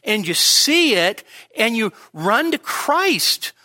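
A man's voice: high-pitched, big pitch swings, takes it slowly, pushed and bright, no room sound, studio quality. A man preaching an expository sermon in a church service, candid and self-deprecating, with joking asides. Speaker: pastor.

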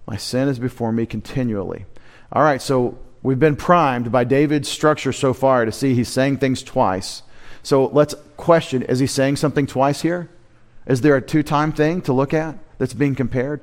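A male pastor with a medium-pitched voice preaches an expository sermon in a church sanctuary, going through the text line by line. Rhetorical questions, which he answers himself, and deliberate repetition of key words are the backbone of his teaching style.

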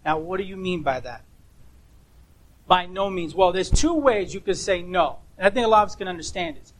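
Male preacher with a high voice, delivering an emphatic, repetitive sermon. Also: expressive, fairly quick, poor audio. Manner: emphatic, rhetorical questions and repetition.

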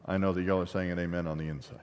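A middle-aged man preaching a sermon as a pastor, talking conversationally with rhetorical questions to the congregation and swinging between loud emphatic bursts and quiet low asides. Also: little pitch movement, very fast. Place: church sanctuary. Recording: long reverb of a church hall.

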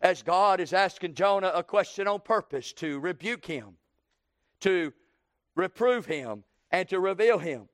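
A man in his sixties preaching a sermon, slowing down for emphasis and breaking into loud acted quotes. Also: high voice, lively intonation, no echo, studio quality.

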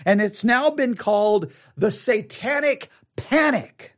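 A man's voice: high-pitched, animated, slow, a bit bright. A middle-aged man from West Texas, rambling conversationally on a podcast with wry asides. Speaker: podcast host. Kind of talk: casual monologue podcast.

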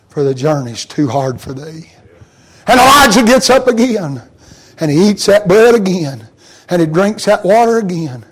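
A man preaching a sermon in a folksy, plain-spoken way, swinging from hushed storytelling to shouted emphasis. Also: sits high, husky.

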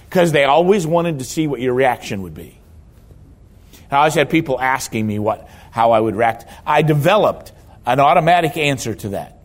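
A man's voice: mid-range voice, fairly quick. Emphatic preacher man. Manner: emphatic storytelling preacher, repeats key words for stress. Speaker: pastor. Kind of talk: sermon.

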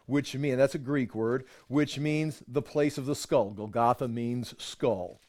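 A man's voice: mid-range voice, measured pace, few pauses, darkish tone. A man teaching from the Bible, reading the passage aloud and stopping often to add plain explanations. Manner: reads aloud then adds plain asides. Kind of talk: scripture reading with commentary.

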